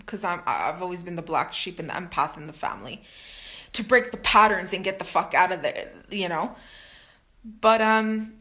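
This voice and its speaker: Candid rambling woman, low voice. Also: creaky, pushed and bright, reverberant, rough recording. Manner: candid, rambling, emphatic, swears freely. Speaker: spiritual content creator. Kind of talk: casual direct-to-camera monologue.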